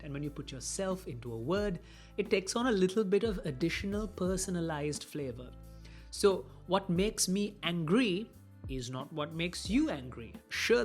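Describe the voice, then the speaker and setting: Man giving casual communication advice. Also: fairly high pitch. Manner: conversational, acts out quoted dialogue. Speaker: communication trainer. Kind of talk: casual motivational talk.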